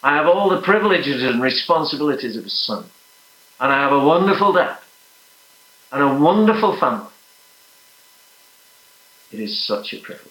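A man preaching a sermon, earnest and emphatic, sometimes dropping to soft, hushed prayer. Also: on the high side, very animated, moderate pace, long pauses, echoey room, rough recording.

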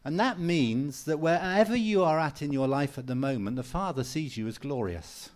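A man's voice: a little high, animated, moderate pace, a little mellow, slight background noise. A man preaching a sermon in an earnest, encouraging way, repeating phrases for emphasis. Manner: mimics people for humor with raised voice.

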